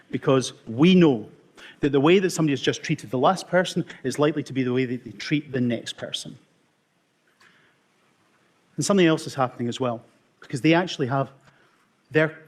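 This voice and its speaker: A middle-aged Scottish man, an emergency consultant, telling wry, self-mocking stories in a talk with dramatic pauses. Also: mid-range voice. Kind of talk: storytelling conference talk.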